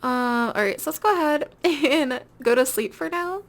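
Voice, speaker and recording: High, gravelly-voiced chatty young woman. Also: expressive, normal speed. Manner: chatty, giggly, rambling with many fillers. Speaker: gameplay video host. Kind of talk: casual let's-play commentary.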